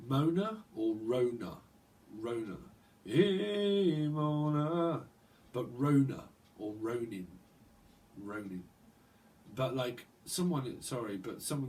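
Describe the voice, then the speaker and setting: A man's voice: medium pitch, a little mellow, far from the mic, slight background noise, low-quality recording. Rambling man reading tarot. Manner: rambling, free-associating, many "like" and "right?" tags. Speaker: tarot reader.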